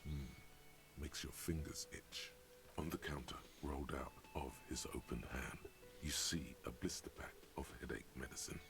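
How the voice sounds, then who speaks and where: A man voicing a wry, ominous male game narrator in a slow, theatrical, gravelly delivery. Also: a bass voice, fairly even intonation. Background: game music.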